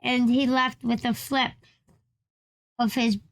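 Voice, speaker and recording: A woman's voice: on the high side, little pitch movement, slow. A woman reading a children's storybook aloud, often stumbling and restarting lines. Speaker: storybook reader.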